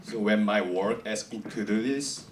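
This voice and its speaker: A man's voice: on the low side, moderate pace. A middle-aged man, a community organizer, giving a slightly awkward self-deprecating speech on stage. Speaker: community organizer guest speaker. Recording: echoey theater from far off, noisy.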